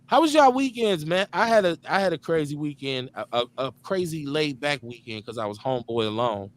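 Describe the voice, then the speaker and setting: Animated joking male talk-show host. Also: a little high, fairly quick. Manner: animated, joking, streetwise and profane. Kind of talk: casual talk-show banter.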